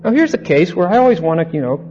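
Male Bible teacher, unhurried and repetitive, slightly high voice, dull recording with faint hum. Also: very animated, warm tone. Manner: unhurried, repeats points and checks understanding with "okay?".

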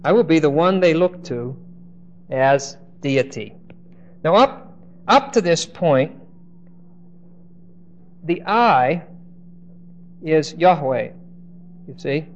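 A man teaching a Bible study class, stressing key words by slowing down and often hesitating or restarting phrases. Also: a little high, expressive, a little hiss or hum. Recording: dull lo-fi recording.

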